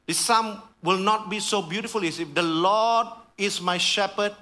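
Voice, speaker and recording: A man preaching a sermon as pastor, fervent, dropping to hushed tones and rising to raised emphasis, calling out to the congregation. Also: high-pitched, measured pace. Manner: calls out to the congregation.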